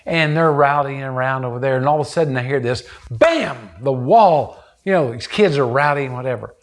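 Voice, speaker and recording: A middle-aged therapist talking earnestly, telling a client story and acting out the voices in it. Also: male voice, brisk. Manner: earnest, acts out quoted voices with rising pitch. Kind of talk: conversational storytelling.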